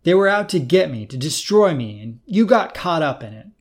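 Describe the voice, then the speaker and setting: A man voicing a gruff, dying old father. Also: on the high side, sing-song, normal speed, voice pushed up. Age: older. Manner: gruff and self-pitying. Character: old dying ex-convict father, self-pitying.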